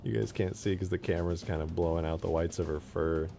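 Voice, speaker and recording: A young man chats casually as he works on a game mod. He rambles with plenty of fillers and laughs often. His voice has a gravelly, fry-laden texture. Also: sits low, steady tone, quick pace, warm tone, faint music behind. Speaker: game modding channel host. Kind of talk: casual chat while modding.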